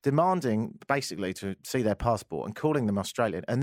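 A man's voice: lowish voice, a little fast, no echo, studio quality. Sarcastic British man hosting a show. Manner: sarcastic, animated storytelling. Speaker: radio show host. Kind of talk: casual chat monologue.

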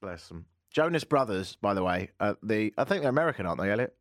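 Wry radio host, lively pitch. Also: male voice, fast talker, no room sound. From England. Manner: dry, self-mocking, wry asides. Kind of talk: casual radio chat. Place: radio studio. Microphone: studio mic.

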